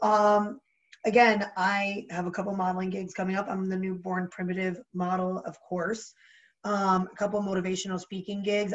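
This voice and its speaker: A woman with a New Jersey accent chats casually as a podcast guest, bubbly and animated, with lots of "like" fillers. Her voice is mid-range, and the audio sounds dull.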